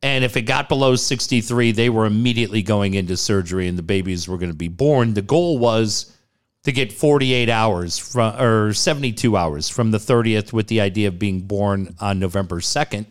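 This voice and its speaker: An animated man tells a personal story in casual conversation. He acts out the other people in the story, and his voice leaps up sharply when he quotes them. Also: moderate pace. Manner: animated, acts out quotes with big pitch jumps. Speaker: guest telling a personal story.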